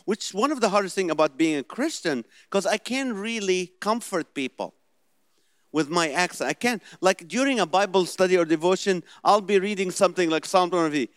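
Man, middle-aged, Middle Eastern accent, stand-up comedy, animated storyteller, dry close sound. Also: high voice, brisk, no echo. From Middle East. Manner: animated storytelling, acts out dialogue.

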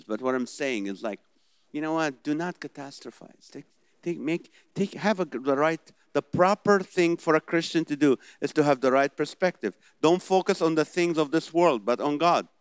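A pastor preaches an animated sermon, firing off rhetorical questions and mockingly imitating worried people. His slightly high voice is smooth, with no echo.

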